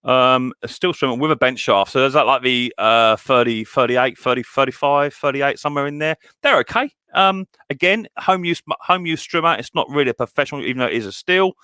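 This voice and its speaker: A man's voice: mid-range voice, fairly quick, hardly any pauses, pushed and bright, clear, resonant tone, dry recording. A man hosting a live stream chat, cheerfully greeting viewers one by one and answering mower questions. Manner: chatty and upbeat, greets each viewer with "mate". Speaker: live stream host, mower repair shop owner.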